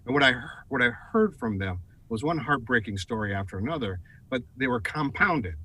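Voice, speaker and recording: Middle-aged American man, bright and forceful voice, animated storyteller on a studio talk show. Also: mid-range voice, moderate pace, husky. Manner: animated, raises voice for quoted lines. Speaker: guest, advertising executive. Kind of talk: storytelling in a TV interview.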